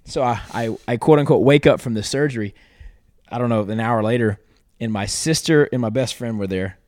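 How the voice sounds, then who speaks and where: A man's voice: medium pitch, a little fast, no echo, clean studio sound. A young man, a podcast guest casually telling a story and acting out the quotes. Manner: animated storyteller, acts out quotes loudly.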